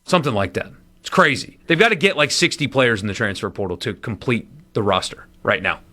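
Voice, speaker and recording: An animated man co-hosts a sports talk radio show, his pitch swinging up and down as he talks. His voice sits in the middle range, and he keeps the chat casual and quick to react. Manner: animated, lively inflection, runs winner and loser segment.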